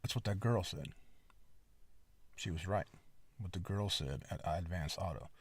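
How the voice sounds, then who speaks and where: A man with a low voice tells a long personal story on his podcast, casually and with plenty of swearing. He rambles through asides and leans hard on emphatic moments. The sound is dry and close, with no room around it. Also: measured pace, husky, dry recording. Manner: lively, emphatic retelling. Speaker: podcast host.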